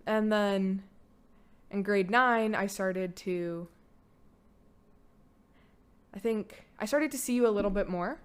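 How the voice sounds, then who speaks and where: A young woman talking through her own past in a relaxed podcast chat. Her voice is smooth and clear at a middle pitch. She speaks casually and bluntly, with plenty of "like" fillers and the odd curse word. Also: takes it slowly, long pauses. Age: young adult. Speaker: podcast guest, host's daughter. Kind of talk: candid personal storytelling.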